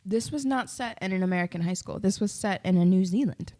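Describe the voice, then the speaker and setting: Excitable young woman podcast co-host. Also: mid-range voice, fast. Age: young adult. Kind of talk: casual chat.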